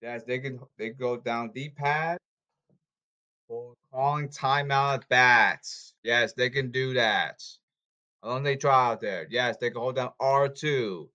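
A man ranting about baseball and social media in repetitive, halting bursts. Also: medium pitch, pushed and bright, dull audio. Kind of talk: rambling ranting commentary.

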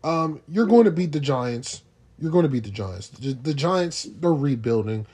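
Slightly husky man teasing a friend. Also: a little high, lively intonation, normal speed, a little mellow. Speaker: podcast co-host. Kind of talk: casual sports chat.

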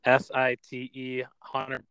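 A man's voice: medium pitch, monotone, slow, fairly bright tone, clean tone, no echo. Young guy cohosting a podcast, swears a lot, laughs at himself, dry close sound. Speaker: podcast co-host. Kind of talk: casual chat.

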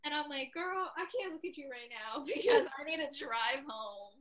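A young woman chatting casually with a friend, telling an animated story, laughing often and saying "like" a lot. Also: high voice, normal speed. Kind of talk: casual chat.

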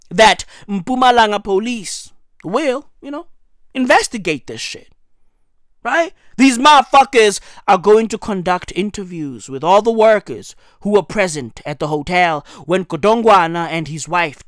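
A man's voice: high-pitched, animated, unhurried, fairly bright tone, dry recording, clean studio sound. A man giving profane, mocking satirical commentary on the news, full of slang asides.

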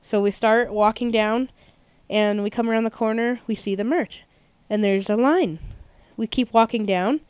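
A woman's voice: on the high side, moderate pace, hardly any pauses, darkish tone, clean tone, no echo. A young woman co-hosting a podcast, telling a long story in a rambling, casual way with lots of fillers. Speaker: podcast co-host. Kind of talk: casual chat.

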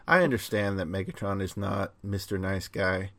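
A man's voice: low voice, normal speed, a bit bright, no room sound. A man co-hosting a podcast, recapping an episode in a casual, wry way. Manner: wry, narrates plot in detail. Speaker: podcast co-host.

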